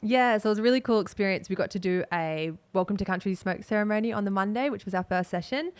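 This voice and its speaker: A young Australian woman, a rugby league player co-hosting a podcast, chatting casually and telling stories with lively acted-out bits of dialogue. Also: mid-range voice, fast talker, clean tone, no room sound. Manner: animated storytelling, acts out quoted talk. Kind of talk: casual chat.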